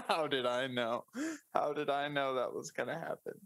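A man improvising comedy bits in casual podcast banter, spinning absurd stories with deadpan wordplay. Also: mid-range voice, normal speed, no room sound.

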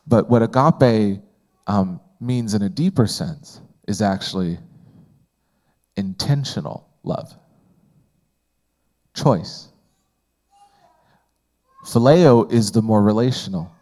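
A man's voice: lowish voice, takes it slowly, long pauses, warm tone. A man teaching a Bible study in a conversational way, asking the group questions and often using fillers.

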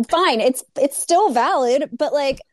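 A woman's voice: high-pitched, expressive, slow pace, no echo, clean studio sound. A young adult woman from California, a podcast guest talking candidly in casual conversation and laughing often.

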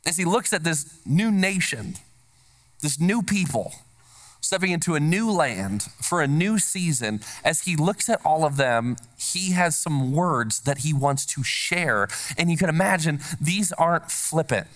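A man's voice: a little high, animated, measured pace, fairly bright tone. A man preaching a sermon to his congregation in a church. He speaks emphatically, repeats key phrases and asks the congregation to say words back to him. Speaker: pastor. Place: church sanctuary.

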